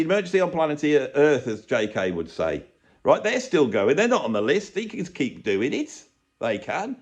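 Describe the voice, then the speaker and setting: Male YouTuber, slightly high voice, rambling sarcastic rant, self-mocking asides. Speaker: YouTube commentator. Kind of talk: comedic ranting commentary.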